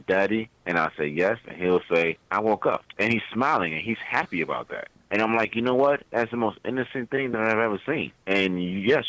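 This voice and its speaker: Deep-voiced wrestler guest, earnest. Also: male voice, a bit bright, no room sound, poor audio. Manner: earnest, repeats phrases while building a point. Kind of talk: casual podcast interview.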